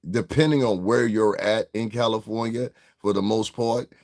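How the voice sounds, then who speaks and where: A man talking on a casual live stream, rambling and streetwise with frequent swearing. His voice sits on the low side, and he talks loosely with lots of asides. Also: steady tone, moderate pace, darkish tone. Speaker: livestream commentator.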